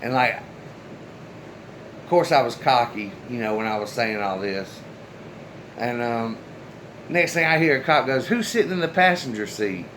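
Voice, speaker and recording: A man's voice: medium pitch, measured pace, pauses often, a bit bright, poor audio. Regular guy spinning a yarn for his viewers, loose and chatty, swears a bit, faint AC hum. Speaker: storyteller, channel host. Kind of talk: casual personal storytelling.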